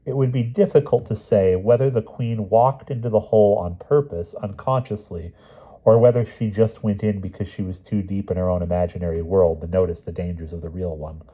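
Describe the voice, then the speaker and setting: A man reading a novel aloud in an expressive, measured storybook narration, on a dull lo-fi recording. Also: deep voice. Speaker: audiobook reader.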